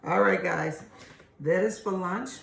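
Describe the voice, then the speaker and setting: A woman's voice: fairly low pitch, measured pace, gravelly. Chatty woman in an echoey kitchen. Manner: chatty, homey, addresses viewers as y'all. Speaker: cooking video host. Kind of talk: casual cooking demonstration. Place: home kitchen.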